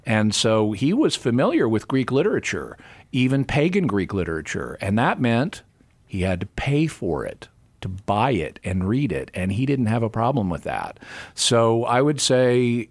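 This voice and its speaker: Measured man explaining on call-in radio. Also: on the low side. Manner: explanatory, measured, thinks aloud. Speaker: apologist guest.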